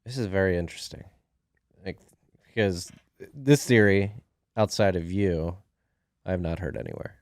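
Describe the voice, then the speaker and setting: Deep-voiced man hosting a podcast. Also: expressive, normal speed, gravelly, pauses often, a little mellow, no room sound. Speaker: podcast host. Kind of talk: casual interview chat.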